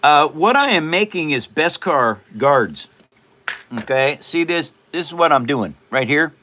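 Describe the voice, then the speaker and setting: A man's voice: a little high, very animated, a little slow, pushed and bright, a little hiss or hum. A man in his seventies hosting a casual livestream, joking and rambling with frequent laughs. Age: 70s. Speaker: livestream host.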